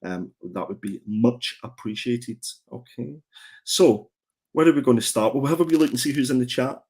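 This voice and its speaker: A man's voice: mid-range voice, moderate pace, darkish tone, slightly rough. A man hosting a casual comics livestream, chatty and prone to repeating his words as he goes. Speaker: comic show host.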